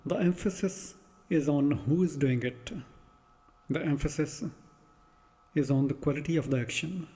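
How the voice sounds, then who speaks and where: A man giving a measured, reflective spiritual talk in short phrases, as a spiritual teacher. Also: on the high side, mellow, husky, big-room sound. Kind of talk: slow meditative spiritual talk.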